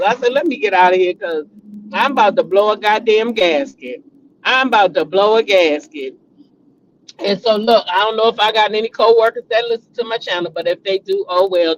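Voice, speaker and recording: A man's voice: sits high, muffled recording, slight background noise. A middle-aged man, hosting a casual commentary chat in a blunt, profane, laughing way. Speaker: channel host.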